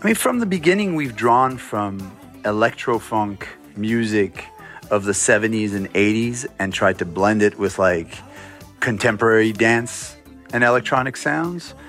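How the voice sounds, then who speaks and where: Relaxed low-voiced musician guest. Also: male voice, unhurried, soft background music. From Montreal, Canada. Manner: relaxed, explanatory, with frequent fillers. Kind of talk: casual interview answers.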